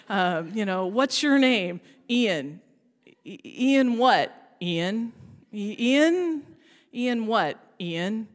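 A woman telling a comic story on stage, chatty and self-deprecating, with lots of fillers. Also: mid-range voice. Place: stage in a hall. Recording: reverberant hall.

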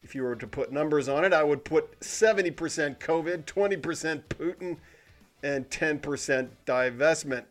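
A man's voice: fairly high pitch, normal speed, faint music behind. Sardonic man hosting a commentary show. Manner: sarcastic, self-professed cynic, animated emphasis. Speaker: podcast host.

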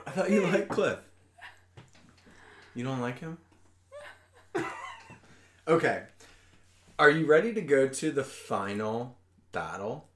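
A man's voice: medium pitch, sing-song, slow, pauses often, fairly bright tone, echoey room, slight background noise. A man hosting a podcast in casual chat, ranting and mocking with plenty of swearing. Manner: profane, mocking rants. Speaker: podcast host. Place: podcast studio.

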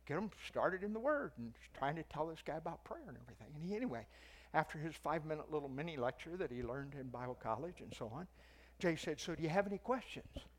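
An older man gives a sermon in the easy tone of a teacher telling a story. His voice sits a little high for a man. He leans into the quoted lines. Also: expressive, quick pace. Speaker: preacher and teacher.

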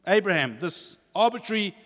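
A man preaching a sermon, telling stories in an animated way and acting out the voices, with long hall reverb. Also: high-pitched, normal speed. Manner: animated storytelling, acts out voices.

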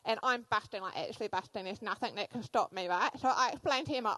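A woman in her thirties, a church speaker giving a sermon, telling animated personal stories with frequent fillers. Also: mid-range voice, fast talker, no room sound, low-quality recording.

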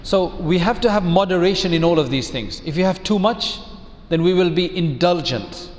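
A man giving a measured, reflective sermon as an Islamic preacher, using rhetorical questions. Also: high-pitched, animated, long reverb tail.

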